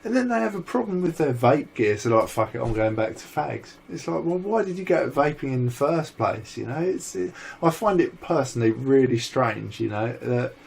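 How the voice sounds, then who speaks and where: A man co-hosting a casual vlog chat, rambling and swearing freely as he tells animated stories. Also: on the high side, normal speed, creaky, few pauses, a little hiss or hum. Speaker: vlog co-host.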